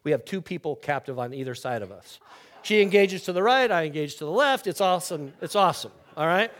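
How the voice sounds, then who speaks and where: Older man preaching a lively story sermon. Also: a little fast. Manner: storytelling, swings from loud and lively to quiet and low. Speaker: pastor.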